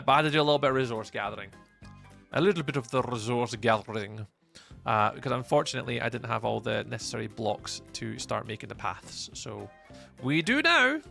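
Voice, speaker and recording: A man's voice: fairly high pitch, vocal fry, bright, forceful tone. A man from Scotland with a Scottish accent, streaming a game live and chatting easily with viewers, greeting and thanking them by name as he reads their messages aloud.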